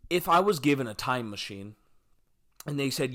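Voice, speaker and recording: A man's voice: mid-range voice, lively intonation, normal speed, a bit bright. Rambling, jokey young man. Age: 20s. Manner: rambling, jokey, swears freely, drifts between topics. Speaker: podcast host. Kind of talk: casual solo podcast chat.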